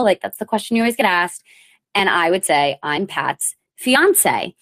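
A thirty-year-old woman and comedian hosting her podcast, chatting casually with a rambling, self-mocking manner and sudden animated bursts. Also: mid-range voice. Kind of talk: casual solo chat. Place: lives in New York.

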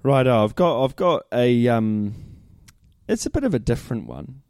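A man's voice: medium pitch, sing-song, normal speed, vocal fry, a little mellow, dry recording, studio quality. A middle-aged man co-hosting a casual sports chat, laid-back and matey, often tossing questions back. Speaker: podcast co-host.

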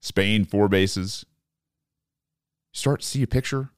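He speaks slowly in a fairly low voice, the recording dry and studio-clean. As host of a political podcast, he offers opinionated commentary, ranting profanely at what he can't believe is happening in current events.

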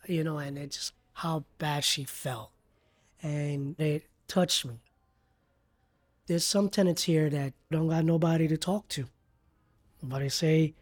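A man who works as a hotel bellhop, telling an emotional story in a husky, earnest voice in a documentary interview. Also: fairly high pitch, steady tone, unhurried, darkish tone.

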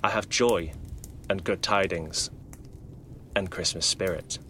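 A man's voice: sits low, takes it slowly, a bit bright, slight background noise. A man voicing a weary old travelling salesman, terse and grave.

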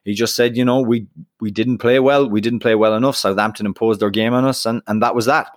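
A man's voice: fairly low pitch, steady tone, fairly quick, no echo, clean studio sound. Chatty male football podcaster. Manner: chatty, lots of restarts and fillers. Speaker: podcast co-host. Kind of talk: casual football chat.

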